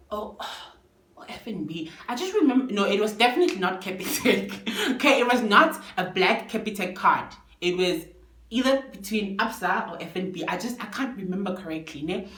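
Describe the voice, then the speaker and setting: A woman's voice: fairly high pitch, fairly bright tone. A young woman from South Africa with a Zulu accent, telling a storytime tale in a chatty style and switching between languages. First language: isiZulu. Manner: chatty, code-switching, addresses viewers as guys. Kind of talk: casual storytime. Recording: roomy echo.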